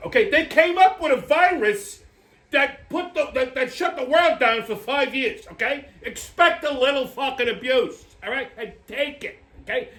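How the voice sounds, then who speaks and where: A man's voice: sits high, a bit bright. A man hosting his own show, ranting in a brash, profane and rambling way that is full of restarts. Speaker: show host. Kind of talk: casual ranting commentary. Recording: echoey room.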